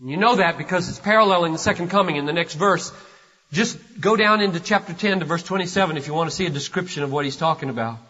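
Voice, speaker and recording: An older man, a pastor, preaching an impassioned sermon that swells from hushed to loud and urgent. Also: on the high side, fast talker. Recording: dull, echoey hall recording.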